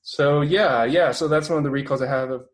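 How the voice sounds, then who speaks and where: A man's voice: fairly high pitch, fairly quick, rough recording. Canadian man rambling with fillers. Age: 20s. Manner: rambling, many fillers and restarts. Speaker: guest. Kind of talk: casual interview talk.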